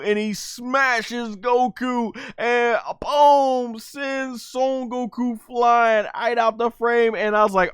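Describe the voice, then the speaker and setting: A man hosting a podcast, giving excited casual commentary on an anime fight and acting out the characters' shouts. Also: high-pitched, clean tone, no echo, clean studio sound. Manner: enthusiastic, acts out characters' shouts. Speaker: podcast host reviewing an anime episode.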